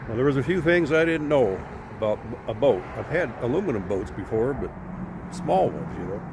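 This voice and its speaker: A man talks into a handheld camera outdoors, his voice sitting at an ordinary middle pitch. He rambles through a homespun story in a folksy way, full of "you know" and "anyway." Steady traffic and open-air noise run clearly behind him. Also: normal speed. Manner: rambling, folksy, with frequent fillers. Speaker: widower vlogger. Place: outdoors at a boat launch by a creek.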